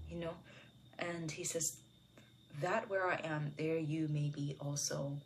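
A woman with a deep, low voice talks through a Bible passage in a personal reflection. She speaks softly and thoughtfully, full of little fillers, and now and then lets her voice fall to a whisper. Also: steady tone, unhurried, noisy background. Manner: soft-spoken, musing, with frequent fillers; sometimes drops to a whisper. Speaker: devotional video host.

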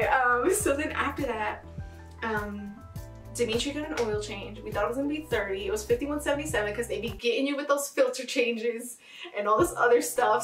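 A cheerful woman chats through her monthly budget, her voice sitting a little high. She rambles with lots of "like" fillers. She sounds a bit away from the mic in an echoey room, with faint music playing behind. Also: distant mic. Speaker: vlogger. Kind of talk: casual budget vlog.

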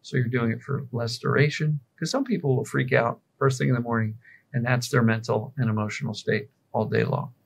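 A man's voice: mid-range voice, steady tone, fairly quick, rough recording. A man from Pennsylvania, a mind-body coach, explaining his approach as an interview guest and answering his own rhetorical questions. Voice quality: gravelly, very husky voice.

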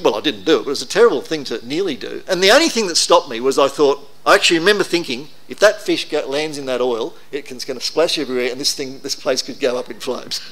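A man's voice: a little high, bright, forceful tone. A middle-aged man, preaching a conversational, anecdotal sermon to a congregation. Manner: conversational, anecdotal, self-deprecating. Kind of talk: sermon talk.

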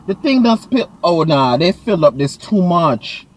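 A man's voice: fairly high pitch, big pitch swings, unhurried. A man vlogging from his car as a delivery driver, talking in a sassy, flamboyant, dramatic way. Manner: sassy, flamboyant, dramatic, keeps saying "girl" and "Miss Thing". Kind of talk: casual vlog chat. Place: inside a car while driving. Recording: car noise behind the voice.

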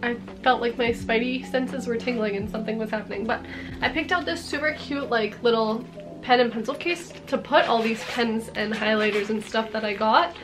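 A young woman with a cold talking excitedly in a casual haul vlog, gushing over her purchases. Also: on the high side, normal speed, over music. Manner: bubbly and gushing, lots of "like" and "are you kidding me". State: congested with a cold. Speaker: vlogger.

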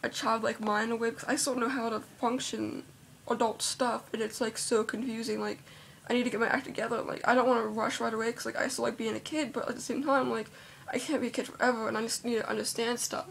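A woman's voice: a little high, little pitch movement, fast, gravelly, a little hiss or hum. A seventeen-year-old girl chatting casually in a vlog, rambling and filling her speech with "like", sounding worried and unsure. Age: teens. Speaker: vlogger.

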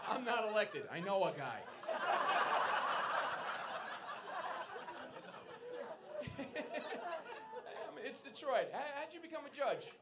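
A man's voice: very high-pitched, wildly swooping pitch, extremely slow, pauses often. A man doing stand-up crowd work in a comedy club, brash and profane as he teases the audience. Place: comedy club stage, indoors. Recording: noisy live club with roaring crowd laughter.

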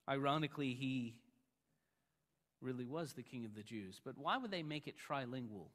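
A man pastor preaching a sermon, emphatic, rising loud on the lines he quotes. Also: medium pitch, moderate pace, long pauses, big-room sound.

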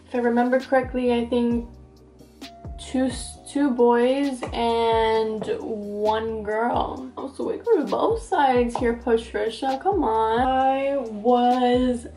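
Brief: young woman vlogger, gossipy storyteller, warm tone, lots of "like". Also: a little high, echoey room. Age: young adult. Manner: animated, gossipy, fills speech with "like". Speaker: beauty vlogger. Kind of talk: storytime get-ready-with-me chat.

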